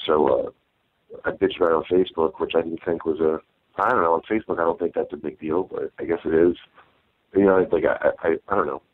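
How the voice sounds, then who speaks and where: A man, a stand-up comedian, talking casually in an interview, halting and restarting often. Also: low voice, fairly even intonation. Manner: halting, with many restarts and fillers. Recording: dry, tinny phone-like sound.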